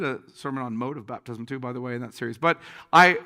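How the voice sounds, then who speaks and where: Animated man telling stories in a hall. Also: mid-range voice, quick pace, creaky, hardly any pauses. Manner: animated storyteller, acts out quotes, laughs often. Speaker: pastor answering audience questions. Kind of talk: conference Q&A talk.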